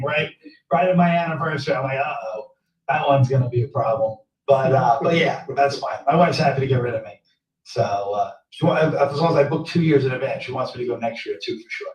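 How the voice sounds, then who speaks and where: A man's voice: on the high side, a little fast. An easygoing man on a video call while driving his car, rambling and hesitant in a casual chat. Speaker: guest. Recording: dull, roomy sound, distant from the mic.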